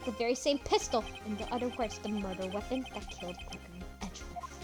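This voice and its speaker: A woman voicing a confident young male defense lawyer from a courtroom game, speaking in a measured, pressing way. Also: medium pitch, music in the background, lightly acted. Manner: measured, building to triumphant.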